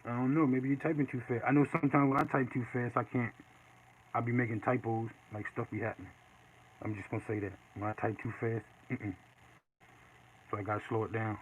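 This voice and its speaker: Laid-back man chatting on a lo-fi stream. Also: mid-range voice. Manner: relaxed, chatty, reads and answers viewer comments. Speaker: artist streaming live. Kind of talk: casual chat while drawing live. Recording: dull lo-fi with faint noise.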